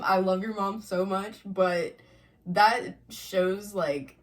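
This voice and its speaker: A woman co-hosting a podcast, telling a story in relaxed casual chat and laughing often. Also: mid-range voice, slow, recorded from a distance. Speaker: podcast co-host.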